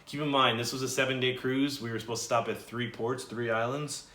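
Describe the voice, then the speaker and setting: A man's voice: medium pitch, steady tone, brisk, pushed and bright, reverberant. A young man co-hosting a vlog, telling a story in a chatty, easygoing way with some stumbles. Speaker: vlog co-host. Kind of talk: casual storytelling to camera.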